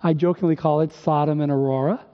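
High-voiced older male preacher. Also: steady tone, quick pace. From northern Minnesota. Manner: emphatic preaching with rhetorical questions and dry humor. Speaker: pastor. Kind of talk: sermon. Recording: dull recording with long hall reverb.

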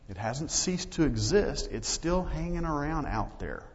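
A man's voice: on the high side, animated, unhurried, a little hiss or hum. A man preaching a sermon as pastor, talking conversationally and acting out little dialogues. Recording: dull lo-fi audio with long hall reverb.

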